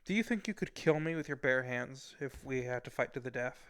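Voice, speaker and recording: A man hosting a virtual reality talk show, talking in a deadpan, mock-serious way into a headset mic. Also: mid-range voice, fairly quick, clear, resonant tone, no echo.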